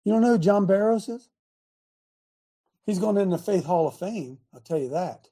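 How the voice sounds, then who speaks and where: Fiery husky-voiced man hosting a talk show. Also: sits high, normal speed. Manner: provocative and animated, bursts of loud emphasis. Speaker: host of a Christian talk show. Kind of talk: fiery preaching-style talk show monologue.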